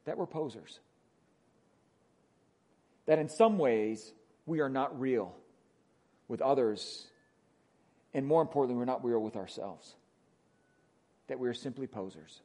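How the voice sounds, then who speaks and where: A man with a Wisconsin accent preaching a sermon as pastor, conversational, often asking "right?", moving between emphatic lines and hushed ones. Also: medium pitch, lively intonation, unhurried, long pauses. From Wisconsin, USA.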